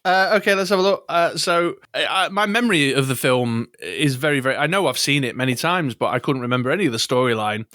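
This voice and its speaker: A man's voice: medium pitch, fast, hardly any pauses, sharp tone, no room sound, clean studio sound. A man co-hosting a casual podcast, wryly reading out his notes on a film. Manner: wry, reads from notes, chuckly. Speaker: podcast co-host. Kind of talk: casual chat.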